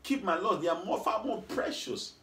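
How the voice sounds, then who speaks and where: A man's voice: sits high, animated, moderate pace, pushed and bright. Man, preacher, sermon, call-and-response, repeats phrases, roomy echo. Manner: rhythmic, repeats lines, asks the congregation what.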